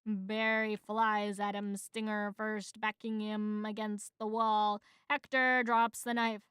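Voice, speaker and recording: A woman's voice: medium pitch, little pitch movement, slow, fairly bright tone, clear, resonant tone, dry recording. A young woman streamer reading a film script aloud in a casual, rambling way with fillers, on a close mic. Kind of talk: casual script read-through.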